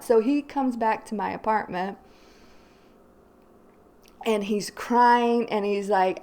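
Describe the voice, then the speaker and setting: A woman's voice: a little high, fairly even intonation, measured pace. A woman hosting her own channel, casually telling a rambling personal story to viewers, full of "like" and "you know". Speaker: tarot reader and channel host.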